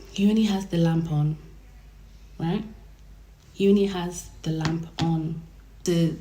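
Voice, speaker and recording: A young woman telling a dramatic storytime vlog in a chatty, animated way. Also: fairly low pitch, slight background noise. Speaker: vlogger. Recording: roomy echo.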